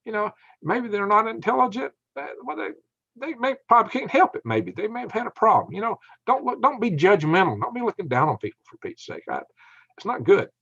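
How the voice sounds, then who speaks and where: An older man talks casually to his livestream viewers, rambling through fillers and restarts. His pitch swings widely and lively from line to line. The sound is dry and a little muffled. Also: a little fast, gravelly, husky, no echo. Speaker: livestream host.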